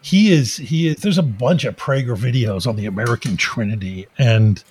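A man in his thirties co-hosting a podcast, animated and sarcastic, swearing often as he rants. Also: medium pitch, moderate pace, husky. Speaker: podcast co-host. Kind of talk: casual chat.

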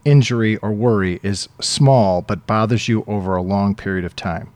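A man's voice: fairly low pitch, moderate pace, a little mellow, no room sound. A man hosting a casual podcast chat, talking in a playful way and reading quotes aloud. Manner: chatty, reads quotes aloud, playful asides. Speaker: podcast host.

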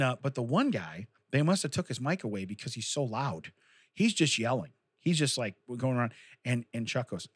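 A man's voice: mid-range voice, no echo, studio quality. A man co-hosting a casual chat show, telling rambling stories and laughing often.

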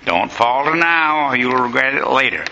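A man playing a booming revolutionary giant. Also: expressive, normal speed, creaky, lo-fi sound, slight background noise, exaggerated voice. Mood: menacing. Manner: threatening, forceful. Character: booming bullying male revolutionary giant, drunk.

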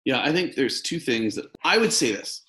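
A man's voice: medium pitch, big pitch swings, moderate pace, pushed and bright. A man talking as a podcast guest in casual interview chat, earnest and rambling, often restarting his sentences.

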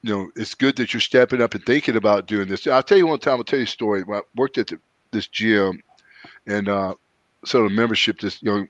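A man chats casually as a podcast host and slides into loose, folksy stories. The audio is dry and a bit dull, like a low-fidelity recording. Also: dry recording. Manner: folksy, rambling storyteller with lively quoted voices. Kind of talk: casual chat, storytelling.

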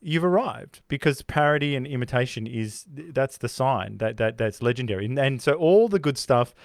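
A man's voice: mid-range voice, moderate pace, creaky, dry recording, clean studio sound. A man co-hosting a podcast, chatting casually about films in a rambling way with many restarts. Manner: rambling, many restarts, animated when retelling scenes. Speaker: podcast co-host. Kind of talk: casual film discussion.

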